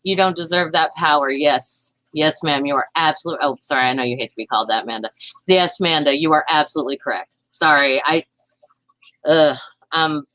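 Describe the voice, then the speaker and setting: A woman with a Southern accent hosting a livestream, ranting fast about politics and reading out viewer comments. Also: deep voice, a bit bright, no room sound, poor audio. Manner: fast, heated, talks to chat viewers. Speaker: livestream host reading chat. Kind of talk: casual political livestream chat.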